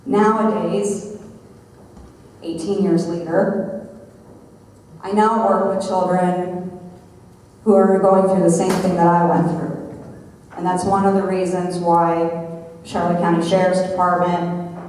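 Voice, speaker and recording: A woman in her thirties, a guest speaker giving an earnest, measured personal testimony. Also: fairly low pitch, level tone, darkish tone. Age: 30s. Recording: echoey hall, mic far off.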